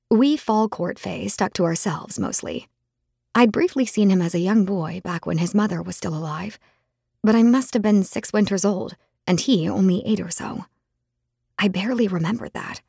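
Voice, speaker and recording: A woman reads a fantasy novel aloud in the first person, dramatic and expressive. Her voice is husky and breathy, recorded dry and close with no room sound. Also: mid-range voice, dry recording. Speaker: audiobook narrator. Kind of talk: first-person scripted narration.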